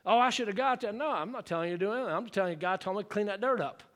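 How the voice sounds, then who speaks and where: In a church sanctuary, a male pastor delivers a fervent sermon, calling for responses from the congregation and building into shouted exclamations. His voice is high and his delivery rapid-fire.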